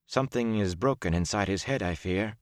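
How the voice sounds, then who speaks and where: A man voicing a gentle, resigned woman healer in a fantasy audiobook, who speaks softly and apologetically. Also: on the low side, brisk, dry recording, studio quality, lightly acted. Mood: sorrowful.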